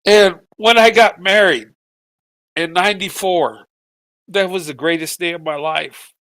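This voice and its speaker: A middle-aged man giving a halting, emotional personal monologue to his viewers, tearful and often repeating his words as his voice breaks. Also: high-pitched, fairly even intonation, sharp tone, dry recording. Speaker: vlogger.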